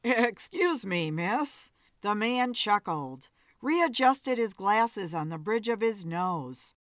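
A woman reads a dark noir story aloud, her voice lively and full of movement. She takes her time with the lines. The recording is close and dry. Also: medium pitch, no room sound. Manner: expressive, measured narration. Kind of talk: dramatic noir story reading.

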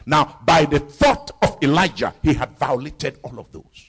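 A middle-aged man from Africa, a pastor preaching a sermon, dropping to hushed whispers and rising to loud exclaims. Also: a little high, animated, moderate pace, hardly any pauses, slightly rough.

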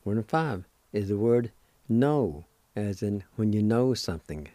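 A man's voice: lowish voice, lively intonation, unhurried, dark tone, no room sound. A man hosting a radio language lesson, patiently spelling out words and repeating each syllable with encouragement. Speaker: radio host teaching a language.

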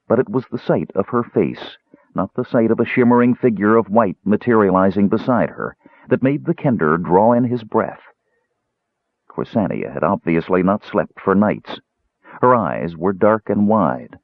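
A man's voice: low voice, no echo. A man narrating a fantasy audiobook in a dramatic storytelling manner. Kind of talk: scripted narration. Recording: tinny phone-like dry sound.

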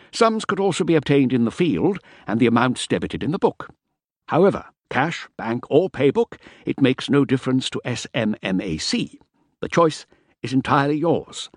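A man's voice: mid-range voice, no room sound, clean studio sound, voice pushed up. A man voicing a fussy, compulsively tidy paymaster who speaks in precise, formal phrases.

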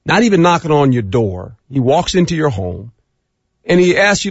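A middle-aged man talking football as a guest on sports radio, acting out scenes in a rising, animated voice. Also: fairly high pitch, normal speed, husky, no echo. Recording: dull lo-fi radio audio.

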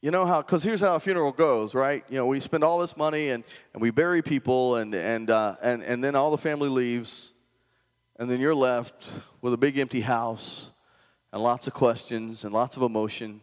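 A man's voice: mid-range voice, moderate pace, smooth, in a large hall. A male pastor preaching a conversational sermon and often asking the congregation questions.

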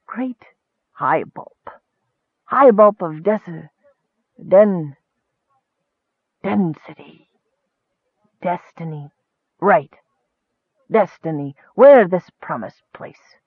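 A man's voice: high-pitched, lively intonation, very slow, pauses often, slightly rough, no room sound, full character voice. A man voicing a grumpy, self-important dwarf king who grumbles in broken simple grammar, recorded narrow and dry. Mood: grumbling.

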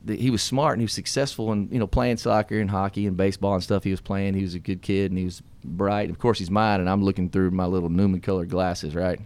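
A man's voice: sits low, fairly even intonation, quick pace, hardly any pauses, a little mellow. A middle-aged man hosting a radio talk show, telling personal stories in a folksy way with laughs. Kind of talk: casual storytelling talk. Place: radio studio.

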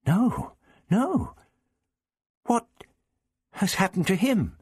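A man voicing a caring, level-headed young woman who speaks gently but with urgency. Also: a bass voice, unhurried, slightly rough, voice pushed down, exaggerated voice. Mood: emotional.

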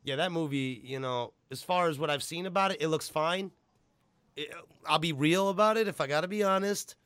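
A man hosting a podcast in loose, casual chat, excitable and profane, breaking into loud laughs. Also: fairly high pitch, brisk, clear, resonant tone, no room sound. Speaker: podcast host.

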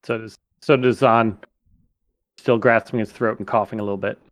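A man's voice: fairly low pitch, fairly even intonation, moderate pace, no echo. A man playing a tabletop game, casually describing what his character does. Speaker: player.

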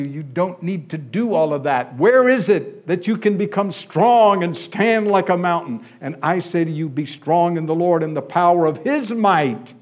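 A man preaching a sermon, swinging between loud, emphatic lines and hushed, quiet ones. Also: fairly high pitch. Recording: muffled lo-fi sound.

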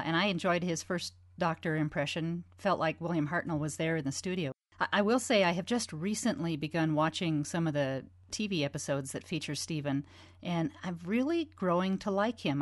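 A woman with a notably low voice speaks as a forum moderator, enthusiastic and articulate in casual review chat. The recording is dry and close. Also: moderate pace, dry recording.

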